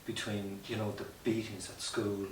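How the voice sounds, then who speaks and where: A man's voice: on the low side, level tone, normal speed, slight background noise. Earnest man, distant roomy mic. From Ireland. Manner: reflective, earnest, many restarts and "you know" asides. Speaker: guest, mountaineer. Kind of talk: conversational storytelling interview.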